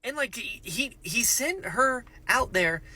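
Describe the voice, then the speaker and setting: A man hosting a casual book reaction vlog, excitable and gushing, thinking aloud with lots of rhetorical questions. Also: very high voice, takes it slowly, husky, poor audio.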